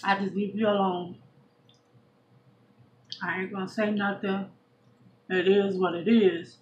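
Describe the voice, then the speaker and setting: A woman's voice: mid-range voice, little pitch movement, a little slow, slight background noise. Laid-back woman with a Southern accent, dull audio. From Brooklyn, New York. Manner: chatty, slangy, laid-back, eating between sentences. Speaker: mukbang vlogger. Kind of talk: casual mukbang chat while eating. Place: at home by a window.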